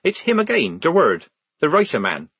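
A man voicing a wary young woman soldier, speaking bluntly and tersely in a raised, husky voice. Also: on the high side, huge pitch swings, normal speed, fairly bright tone, no echo, voice pushed up, heavily acted.

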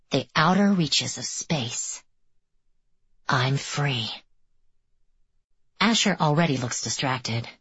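A woman narrating an audiobook in the first person, with measured, immersive reading. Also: sits low, slightly rough, no echo, muffled recording.

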